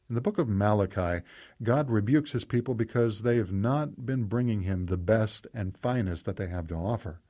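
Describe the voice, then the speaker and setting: Low, mellow-voiced devotional reader. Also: male voice, normal speed. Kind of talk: scripted devotional narration for children.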